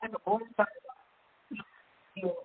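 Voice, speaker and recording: A woman hosting a self-help seminar, talking candidly and casually about her own life, laughing often and jumping up into a high pitch. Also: a little slow. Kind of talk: casual personal monologue. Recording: tinny phone-like audio with faint hiss.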